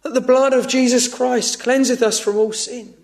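A man preaching an evening sermon, earnest and measured, often falling to a hushed, pleading tone. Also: extremely high pitch, steady tone.

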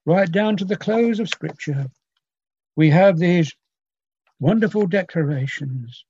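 Male preacher, high voice, slow deliberate sermon delivery, earnest appeals, dry lo-fi recording. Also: animated, dark tone, breathy edge. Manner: slow, earnest, quoting archaic scripture with pauses. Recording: dull lo-fi dry sound.

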